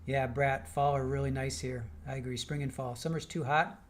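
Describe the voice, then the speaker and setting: With slight background noise, an older Midwestern man speaks in a mid-range, fairly even voice at a moderate pace. He's livestreaming casually as he waits for a trial, reading viewers' comments aloud and rambling through his answers with many restarted sentences.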